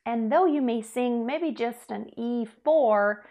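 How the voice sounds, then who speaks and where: A young woman coaching singers with a slightly high voice. She explains vocal technique in an easy, chatty way and breaks into short sung demonstration notes. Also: slow, warm tone. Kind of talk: singing lesson.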